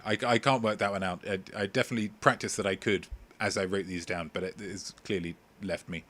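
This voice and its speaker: A man's voice: deep voice, fairly quick, fairly bright tone. Playful man hosting a comedy quiz. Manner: playful, jokey, breaks into singing lyrics. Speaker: quiz host. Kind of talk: live-streamed comedy quiz.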